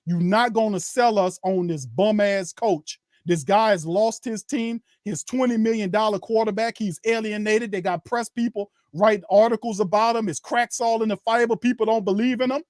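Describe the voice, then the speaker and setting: A man's voice: sits high, moderate pace, few pauses, darkish tone, no room sound, studio quality. A man, a sports show host ranting angrily through live fan commentary, profane and repeating himself for emphasis.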